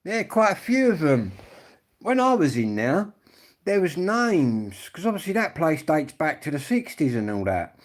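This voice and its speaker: A man, rambling and swearing freely as he chats casually to viewers on a live stream. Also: medium pitch. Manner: rambling, swearing, blokey storytelling.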